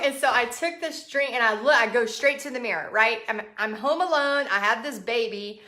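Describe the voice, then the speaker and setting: A woman's voice: fairly high pitch, moderate pace, few pauses, pushed and bright. A chatty woman with a Texan accent, hosting a casual livestream, laughing often and reading out viewer comments. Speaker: art business coach host.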